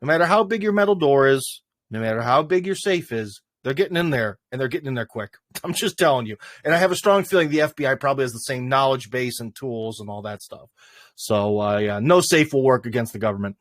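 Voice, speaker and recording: A man's voice: medium pitch, animated, a little fast, dry recording. A man hosting a casual livestream, talking off the cuff in a rambling way with plenty of "uh" and "anyways". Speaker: livestream host.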